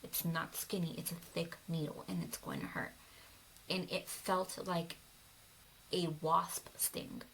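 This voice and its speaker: A young woman recounts her own story to her viewers in an emotional, intimate way, often sinking into a whisper. Her voice sits a little low and has a gravelly texture. A faint hiss sits behind her. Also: sing-song, normal speed, rough recording. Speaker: vlogger. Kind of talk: personal storytelling vlog.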